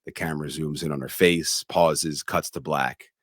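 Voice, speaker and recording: A man co-hosting a podcast, recapping a film in a casual, animated way and punctuating the story with sound words. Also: very deep voice, normal speed, no room sound, clean studio sound. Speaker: podcast co-host.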